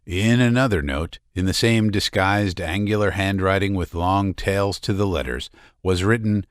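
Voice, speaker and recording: A man narrating a classic novella in a measured, expressive reading. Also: low-pitched, clear, resonant tone, dry recording, studio quality. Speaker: audiobook narrator. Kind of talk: scripted literary narration.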